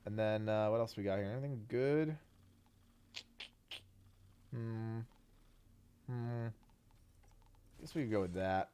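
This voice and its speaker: A man with a fairly low, dark, smooth voice chats casually during a live game stream, upbeat as he reads out a fast list of viewer names and locations. He has kids.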